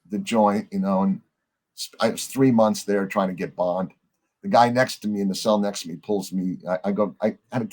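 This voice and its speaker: Husky, low-voiced man telling a story. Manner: animated storyteller, acts out quoted dialogue, swears casually. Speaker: podcast guest. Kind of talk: storytelling in a podcast interview.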